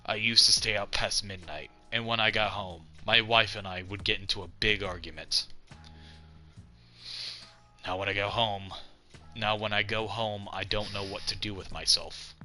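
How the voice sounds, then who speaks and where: A man voicing a drunk, bitter, lonely middle-aged man while reading game dialogue aloud, slurring and gruff. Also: lowish voice, fairly even intonation, moderate pace, sharp tone, soft background music. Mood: mournful. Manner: slurred, gruff delivery with rising outbursts.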